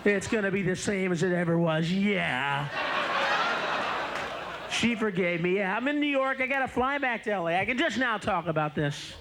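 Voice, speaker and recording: A man's voice: sits high, expressive, normal speed. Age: adult. Sex: man. Style: stand-up comedy with screaming outbursts. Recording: noisy live club. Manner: loud, with sudden screaming outbursts.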